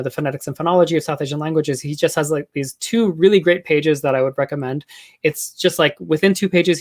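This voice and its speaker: A man giving an academic linguistics talk, explaining in a casual way with many filler words and small restarts. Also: fairly high pitch. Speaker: linguistics lecturer.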